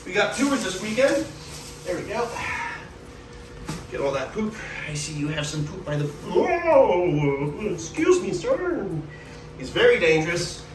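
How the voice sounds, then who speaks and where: A man's voice: high-pitched, sing-song, measured pace, music in the background. A man hosting a wildlife vlog, chatting casually and upbeat while he tends animals in their enclosures. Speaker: wildlife keeper and show host. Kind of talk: casual vlog talk to camera. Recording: roomy echo with faint ambience.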